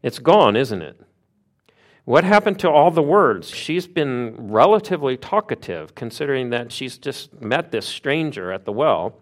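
A man preaching a sermon in a conversational way, asking rhetorical questions and moving between soft and emphatic delivery. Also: medium pitch, sing-song, measured pace.

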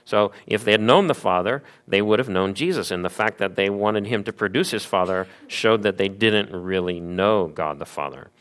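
Guy preaching, lowish voice, walks through the bible passage, asks the room lots of questions. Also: normal speed, few pauses, a bit bright. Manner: explanatory, emphatic with rhetorical questions. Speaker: pastor. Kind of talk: expository sermon.

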